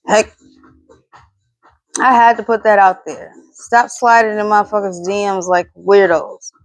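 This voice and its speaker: A woman's voice: medium pitch, fairly even intonation, measured pace, no room sound. A woman in her thirties hosting a solo podcast, ranting bluntly and with lots of swearing. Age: 30s. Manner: blunt, profane, exasperated ranting. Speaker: podcast host.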